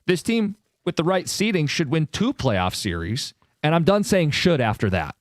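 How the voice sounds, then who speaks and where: A man's voice: on the high side, very animated, moderate pace, no room sound. A man hosting sports talk radio, opinionated and wry, with sarcastic asides, speaking into a studio microphone.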